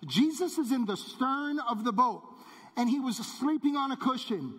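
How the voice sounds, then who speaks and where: Man preaching, very high voice, emphatic repeated lines, echoing church hall. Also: animated, normal speed, a bit bright. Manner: emphatic preaching, repeats phrases, drops low for key words. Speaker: pastor. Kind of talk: sermon. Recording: long hall reverb.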